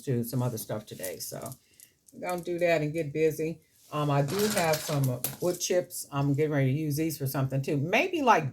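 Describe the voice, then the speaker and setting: A woman's voice: very deep voice, a little mellow. A woman hosting a jewelry-making video, chatting and rambling as she works, her voice dropping and drifting away from the mic as she handles beads. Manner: rambling, chatty storytelling, talks to viewers as family. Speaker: jewelry-making channel host. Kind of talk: casual chat while crafting.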